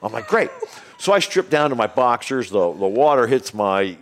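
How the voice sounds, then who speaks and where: A man's voice: medium pitch, normal speed. A man in his sixties telling golf stories in casual chat, acting out the voices of the people in them and laughing often. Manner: animated, acts out voices in anecdotes, laughs often. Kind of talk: casual storytelling.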